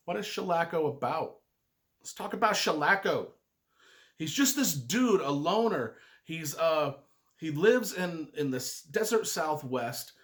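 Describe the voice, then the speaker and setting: A man's voice: a little high, fairly bright tone. A man giving a casual spoken book review, retelling the plot in a chatty, enthusiastic way. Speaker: book reviewer and writing adviser.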